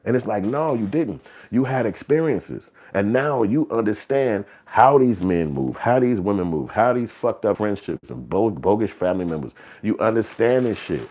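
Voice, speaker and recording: The voice is lowish, expressive and darkish in tone, moving at normal speed with few pauses. A male livestream host delivers a casual, profane, streetwise monologue, now and then performing quotes.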